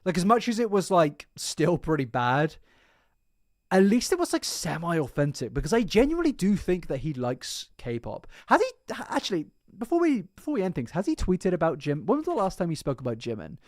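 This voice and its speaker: A man's voice: high-pitched, wildly swooping pitch, a little fast, no room sound, studio quality. A man chatting casually on his livestream, rambling, swearing freely and mocking himself. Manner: rambling, profane, self-mocking.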